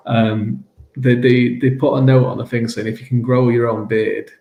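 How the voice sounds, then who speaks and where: A man's voice: mid-range voice, level tone, normal speed, gravelly, reverberant, narrow, tinny audio, slight background noise. A man in his forties hosting a casual talk show, telling stories with frequent laughs and restarts. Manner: laughs often, many restarts and ums. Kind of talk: casual chat.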